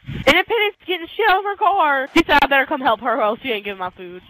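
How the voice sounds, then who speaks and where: A woman's voice: high voice, sing-song, fast talker, pushed and bright, low-quality recording. A woman gamer raging at a hockey video game, screaming, swearing and muttering under her breath between outbursts. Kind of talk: raging live gameplay commentary.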